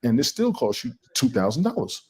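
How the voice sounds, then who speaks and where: A man's voice: mid-range voice, huge pitch swings, fairly quick, crowd noise. A man in a casual chat, blunt and grumbling about what things cost. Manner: complaining about prices, blunt.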